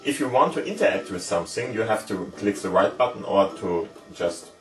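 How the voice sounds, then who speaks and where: A lower-voiced man talks through a point-and-click adventure, stopping often with "um" and "more or less" as he explains each button. He sits a bit back from the mic in an echoey room, and game music plays steadily behind him. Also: animated, a little fast, fairly bright tone, distant mic. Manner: loose, explanatory, lots of hedging fillers. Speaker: gaming channel host. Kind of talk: let's play commentary.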